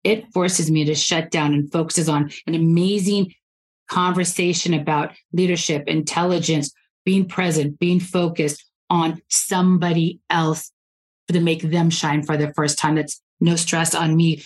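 A woman podcast host telling stories in a blunt, animated way, acting out what people said. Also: low-pitched, a little slow, poor audio. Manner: blunt, animated storytelling, acts out quotes. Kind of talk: casual interview chat.

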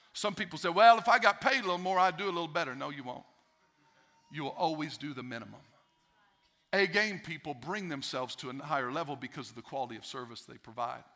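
A man's voice: sits high, pushed and bright. A male pastor preaching a sermon emphatically, repeating key phrases for effect.

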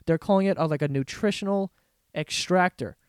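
A man's voice: high-pitched, brisk, clear, resonant tone, no echo, studio quality. A young man hosting a casual solo podcast, ranting with lots of profanity and sarcasm and mimicking other people. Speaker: podcast host.

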